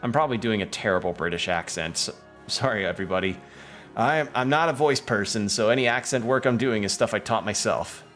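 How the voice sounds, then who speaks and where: A man's voice: fairly low pitch, fairly quick, a bit bright, faint music behind. A man streaming a game, chatting casually and thinking aloud about where to go next. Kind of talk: casual gameplay commentary.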